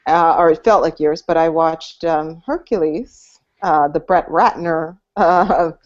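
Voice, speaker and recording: A woman's voice: deep voice, takes it slowly. A woman co-hosting a casual movie podcast, rambling with many fillers and restarts over a video call. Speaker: podcast co-host. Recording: dull lo-fi audio.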